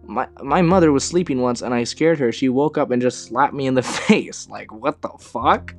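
A young man hosts a casual podcast in a rambling, profane way, chuckling as he goes. His voice sits mid-pitched for a man. Faint guitar music plays in the background. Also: moderate pace. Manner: rambling, profane, laughing storyteller. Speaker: podcast host.

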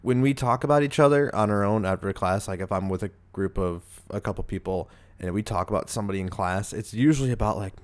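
Young guy hosting a podcast, bit low voice, rambles with lots of "like"s. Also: fast, hardly any pauses. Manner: loose, rambling, many "like"s and restarts. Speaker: podcast host. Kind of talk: casual chat.

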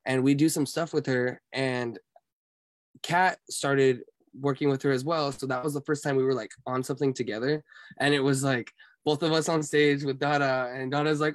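Guesting on a casual chat, a young musician from San Diego, California rambles and leans heavily on fillers like "like" and "um." He speaks at normal speed in a steady, mid-range voice, with no echo on the recording.

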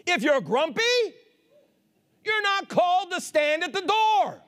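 A man preaching a sermon with fervor, swinging between shouts and hushed asides and calling on the congregation for amens. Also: extremely high pitch, sing-song, measured pace. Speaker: pastor.

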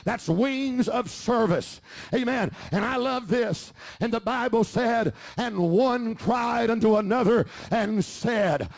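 A middle-aged man preaching a fervent sermon, often rising to shouts. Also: extremely high pitch, slow pace, creaky. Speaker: pastor.

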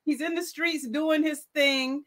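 A woman's voice: high voice, fairly even intonation, a little slow. A woman on a comedy podcast panel, telling a story in a blunt, laid-back way. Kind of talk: comedic debate banter.

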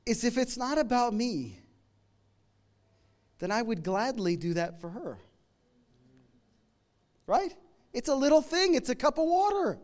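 A middle-aged man preaching a sermon in a conversational, humorous way, moving between loud emphatic lines and quiet asides. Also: very high voice, sing-song, measured pace, long pauses. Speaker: pastor.

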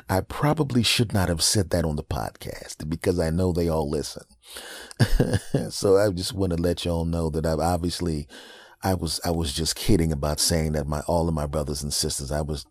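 A man's voice: low voice, slightly rough, dry recording, clean studio sound. A man hosting a podcast, doing a rambling, self-deprecating comedic monologue.

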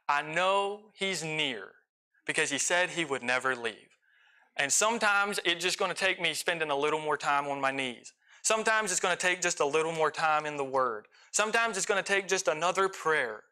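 A man preaching a sermon with impassioned delivery, swinging between loud pleading and quiet intensity. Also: a little high. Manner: impassioned, rising and falling in volume; emotional.

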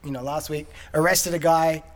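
A man's voice: a little high, steady tone, moderate pace. A man hosting a podcast in casual chat, telling stories in a rambling way and laughing often. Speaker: podcast host.

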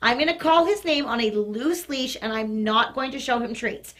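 Woman dog trainer, bright tone, demonstrating outdoors, step-by-step explainer with quick asides to the dog. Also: on the high side. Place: outdoors near a train station.

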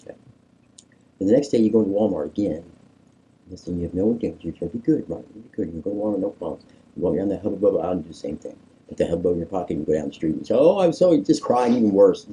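A male pastor, preaching conversationally and drawing answers from a small group, animated and emphatic. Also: deep voice, rapid-fire, slightly rough, rough recording. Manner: animated, coaxing, rises to emphatic peaks. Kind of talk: conversational sermon with group discussion.

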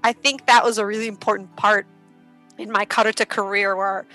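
A woman guest on a podcast, telling stories in a casual, animated way, laughing often and using lots of "like". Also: medium pitch, fairly quick, faint music behind, poor audio. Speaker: podcast guest, karuta player.

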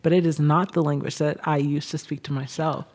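A woman, a writer and artist, talking as a podcast guest in a reflective, thoughtful way with soft laughs between thoughts. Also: deep voice, fairly even intonation, brisk. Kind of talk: reflective conversation.

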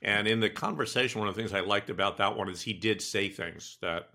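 A man's voice: lowish voice, brisk, gravelly, sharp tone. An older man co-hosting a podcast, talking in an enthusiastic, easygoing way. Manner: enthusiastic, laughs easily, restarts often. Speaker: co-host. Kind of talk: casual podcast chat.

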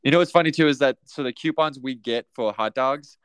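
A man's voice: medium pitch, brisk, smooth, dry recording. A young man hosting a podcast in casual chat, joking and laughing often as he restarts his sentences. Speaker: podcast host.

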